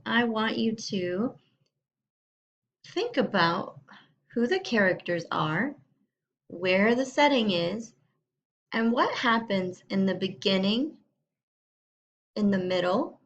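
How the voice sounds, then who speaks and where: A woman teacher reading a storybook aloud to young students in a slow, clear way. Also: mid-range voice, lively intonation, muffled recording.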